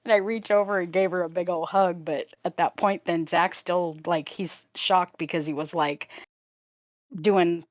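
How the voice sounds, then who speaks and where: Older woman, livestream co-host, low warm-chat register, laughs a lot; dry, slightly muffled home audio. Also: fairly even intonation, measured pace, no room sound. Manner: chatty storyteller, laughs often. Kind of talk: casual chat with a sibling on a livestream.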